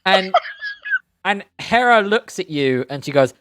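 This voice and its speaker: Game-master man, fairly high voice, descriptive, wordy narration. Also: lively intonation, a little slow, fairly bright tone. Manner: descriptive, searching for words.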